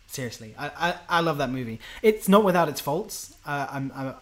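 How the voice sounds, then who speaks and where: A man co-hosting a casual podcast chat, enthusiastic and quick to laugh and tease. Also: fairly high pitch, expressive, fairly bright tone. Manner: enthusiastic, laughs easily, teasing. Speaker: podcast co-host.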